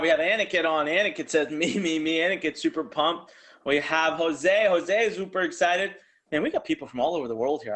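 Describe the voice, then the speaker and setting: A man's voice: fairly high pitch, fairly bright tone. Hyped man hosting a live webinar. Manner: hyped, salesy, talks to viewers directly. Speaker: online seminar presenter. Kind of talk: energetic live webinar pitch.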